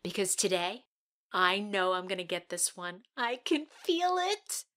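A woman voicing a hopeful young actress in an audio play monologue, dramatic and quick to swing between whispers and outbursts. Her voice is bright and fairly high, and she takes her time with the lines. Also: sing-song.

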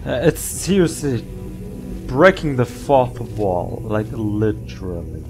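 A man's voice: medium pitch, big pitch swings, slow, music in the background. A tired man giving late-night gameplay commentary, muttering and rambling to himself as he works through puzzles. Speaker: gamer playing a puzzle game.

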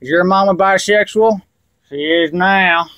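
A rowdy, crude hillbilly who dips tobacco, as a man puts him on, talking in a slow, high-pitched full of rambling fillers. The sound is close and dry. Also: sharp tone, smooth, no echo. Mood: rowdy boasting. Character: loud crude male hillbilly tobacco dipper. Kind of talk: comedy character vlog.

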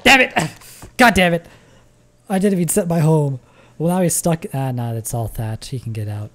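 A woman giving live gameplay commentary as a streamer, excitable, swearing and laughing often. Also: low-pitched, normal speed. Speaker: gaming streamer.

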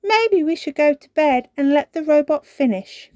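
A woman voicing a lively little fairy princess girl in a storybook reading, calling out urgently. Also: high voice, normal speed, dry recording, studio quality, voice pushed up.

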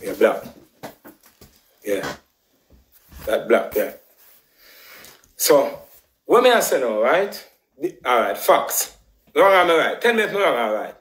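A man with a Jamaican patois accent ranting on a live stream, his middle-pitched voice bouncing off the walls of an echoey room. He talks emphatically, circling back over the same points and swearing freely. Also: slow pace, long pauses. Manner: animated, repetitive, emphatic patois rant with swearing. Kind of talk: heated live-stream rant.

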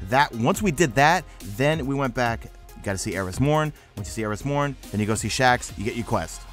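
A young man with a New York accent, sleepy and rambling as he narrates a game walkthrough. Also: mid-range voice. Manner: rambling, energetic, self-mocking. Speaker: gaming YouTuber.

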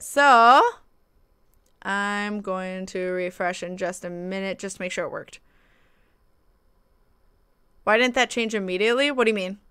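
A woman's voice: medium pitch, pushed and bright, clean tone. A woman live-streaming a game, chatting casually and thanking viewers by name, with playful mock indignation.

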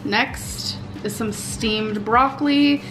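A woman in her thirties chatting casually to her viewers at home, unhurried and full of "um" and "like". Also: fairly high pitch, over music. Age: 30s. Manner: unhurried, chatty, many fillers like "um" and "like". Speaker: vlogger. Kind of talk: casual vlog chat.

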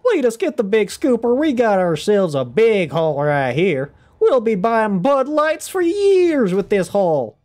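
A man's voice: high voice, sing-song, measured pace, few pauses, a little mellow, voice pushed up. A man putting on a Southern American accent to play a hearty, folksy good ol' boy who drawls hospitably. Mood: boastful.

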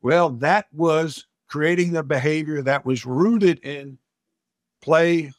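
A man's voice: fairly high pitch, slow, no echo, studio quality. A middle-aged man, a coach and speaker, talking emphatically in an interview and repeating words as he starts each thought. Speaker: coach and corporate speaker, podcast guest. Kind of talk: conversational interview storytelling.

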